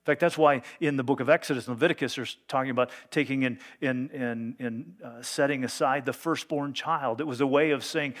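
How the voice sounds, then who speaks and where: A man's voice: mid-range voice, fairly quick, few pauses, a bit bright. A man pastor preaching a sermon, reading scripture aloud and explaining it earnestly and emphatically.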